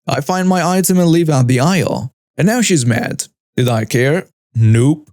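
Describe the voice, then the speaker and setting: A man with a fairly high voice narrates a first-person story. His delivery is flat and even, like a script being read aloud. The recording is close and dry, with no room sound. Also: moderate pace, no room sound.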